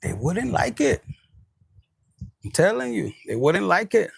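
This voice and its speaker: Gravelly man giving a casual tarot reading. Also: high voice, wildly swooping pitch, unhurried, low-quality recording. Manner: casual, profane, mixes in Spanish words. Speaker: tarot reader. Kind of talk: spiritual reading monologue.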